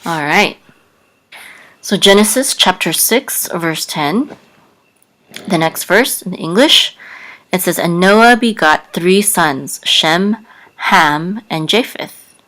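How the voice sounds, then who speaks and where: Woman, language teacher, deep for her sex, slow and soft-spoken, patient. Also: animated, poor audio. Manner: soft-spoken, careful, spells out sounds with many fillers. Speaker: Hebrew teacher.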